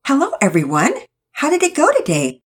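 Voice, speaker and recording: A woman's voice: high voice, wildly swooping pitch, fairly quick, pitched above the performer's own voice. Woman voicing a cheerful, gushing mother. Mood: pleasant. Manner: pleasant, gushing.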